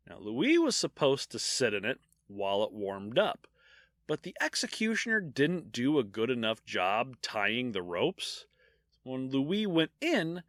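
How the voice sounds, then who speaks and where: Lively, bright-voiced male podcast storyteller. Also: medium pitch, no echo, studio quality. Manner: animated storyteller, jokes about grim details. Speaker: podcast co-host. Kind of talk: casual history storytelling.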